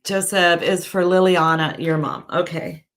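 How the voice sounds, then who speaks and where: A woman with a fairly low, fairly bright voice speaks at an unhurried pace with fairly even intonation. She's a psychic medium doing live-stream readings, chatty and searching, full of fillers and self-corrections as she reads viewer comments aloud.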